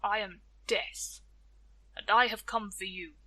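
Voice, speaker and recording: A woman voicing Death, a tall thin male spirit, weary and impatient, speaking slowly and measuredly in a storytelling podcast. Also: medium pitch, fairly even intonation, sharp tone, dry recording.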